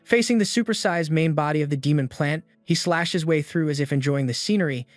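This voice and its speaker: A man's voice: on the high side, a little fast, no echo. A man steadily reading a scripted story recap. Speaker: narrator. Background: faint background music.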